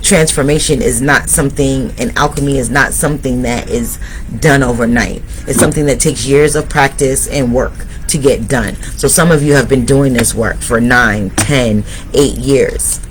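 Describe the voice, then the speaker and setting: A man's voice: mid-range voice, normal speed, slight background noise, poor audio. A man giving a tarot reading, speaking straight to his viewers and urging them on. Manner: motivational, addresses viewers directly. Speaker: tarot reader.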